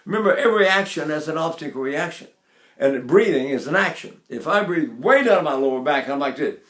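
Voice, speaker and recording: A man's voice: a little high, expressive, a little fast, fairly bright tone, roomy sound. A man in his eighties giving an informal voice lesson, rambling a little and breaking into short sung demonstrations. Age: 80s. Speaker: voice teacher.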